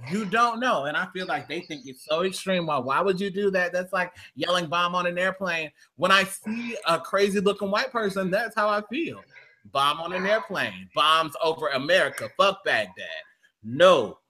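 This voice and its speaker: Man, high voice, bright and forceful, very lively pitch, loud profane storytelling, talk show co-host. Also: moderate pace. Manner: loud, profane, acts out quotes in shifting voices. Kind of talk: animated comedic storytelling.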